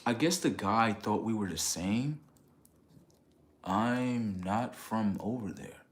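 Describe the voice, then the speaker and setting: Low-voiced man ranting on a livestream. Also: slow. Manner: rambling, repeats "okay" and "right" to the audience; slangy, street-casual talk. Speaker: livestream host. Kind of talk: casual livestream rant.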